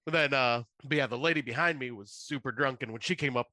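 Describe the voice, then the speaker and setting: Bright-voiced laughing male podcast co-host. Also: mid-range voice, fast talker, no room sound. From Michigan. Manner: laughs often, rambling with many fillers. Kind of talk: casual chat, anecdote telling.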